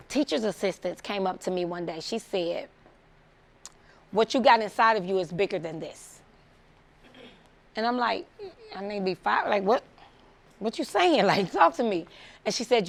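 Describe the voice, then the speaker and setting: A middle-aged woman from the Chicago suburbs, giving a motivational talk as a story and acting out the voices of the people in it. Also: mid-range voice. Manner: animated, acts out quoted voices, laughs often. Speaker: motivational speaker.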